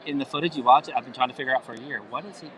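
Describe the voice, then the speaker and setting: A man's voice: mid-range voice, very fast, fairly bright tone, low-quality recording. A man as a guest on a live stream, explaining his point in an insistent, argumentative way. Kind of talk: interview.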